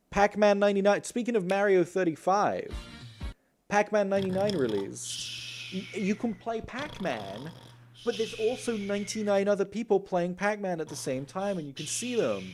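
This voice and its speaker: A young man hosting a gaming news livestream, talking quickly and casually, swearing and laughing often. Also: sits high, lively intonation, darkish tone, slight background noise. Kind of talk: casual live-stream chat.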